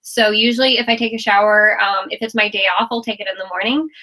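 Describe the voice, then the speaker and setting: A woman's voice: medium pitch, fairly even intonation, quick pace, pushed and bright, low-quality recording. A young woman vlogger chatting casually and playfully while doing her makeup.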